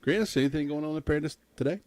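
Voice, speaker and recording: A man's voice: a little high, fast, a little mellow, no room sound. A middle-aged man hosting a local morning radio show, chatty and joking. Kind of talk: casual radio chat. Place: radio studio.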